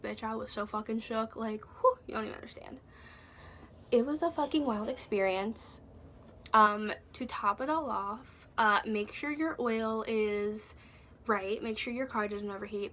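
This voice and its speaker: Bright, breathless young woman vlogger. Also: medium pitch. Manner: breathless, swearing, heavy use of "like". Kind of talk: storytime vlog.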